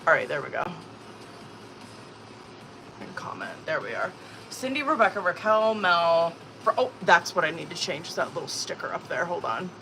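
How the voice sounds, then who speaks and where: A woman's voice: lowish voice, expressive, moderate pace, pauses often, background noise. A woman hosting a live tarot stream, chatting casually, swearing freely and laughing often. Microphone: phone or tablet.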